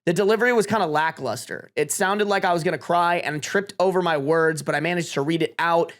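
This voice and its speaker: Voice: medium pitch, brisk. A live streamer reading Reddit posts aloud to chat, with reactions. Swears freely and laughs often. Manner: talks to chat.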